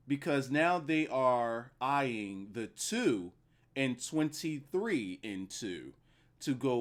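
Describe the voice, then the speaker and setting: A man giving a casual, profane, rambling solo review of a wrestling show at his computer. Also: mid-range voice.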